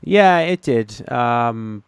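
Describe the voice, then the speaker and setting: A man's voice: mid-range voice, expressive, drawn-out words, clear, resonant tone, no room sound. A man co-hosting a casual film review chat, blunt and profane, laughing easily.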